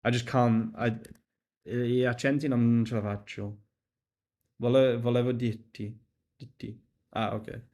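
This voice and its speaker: A young man hosting a casual coding live stream, relaxed and talkative. He reads viewers' messages aloud and answers them offhand, with easy laughs and the odd swear. His voice sits at an ordinary middle pitch. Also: measured pace, long pauses. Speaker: livestream host.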